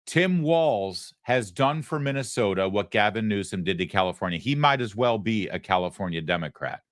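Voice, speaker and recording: A man's voice: lowish voice, animated, no room sound, studio quality. A middle-aged man from Michigan hosting a political talk show, delivering an emphatic, sarcastic monologue. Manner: sarcastic, emphatic, quick asides.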